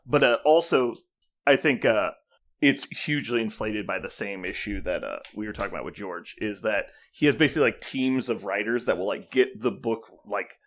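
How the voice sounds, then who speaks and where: A man co-hosting a podcast in casual chat, an animated storyteller who acts out both sides of exchanges, swears freely and laughs as he talks. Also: fairly low pitch, normal speed, lo-fi sound. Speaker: podcast co-host.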